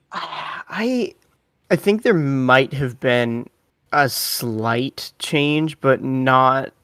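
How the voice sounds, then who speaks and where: A man's voice: medium pitch, drawn-out words, a bit bright, clear, resonant tone, dry recording, clean studio sound. A man co-hosting a podcast in casual chat, hesitant and searching for words with many restarts.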